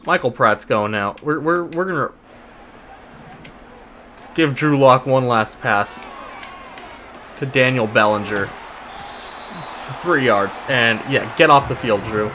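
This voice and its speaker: A gaming YouTuber narrates his football video game in a casual, exasperated, sarcastic running commentary, groaning at his team's mistakes and restarting often. His voice sits at an ordinary middle pitch, he speaks slowly with frequent pauses, and a steady hiss runs behind him throughout.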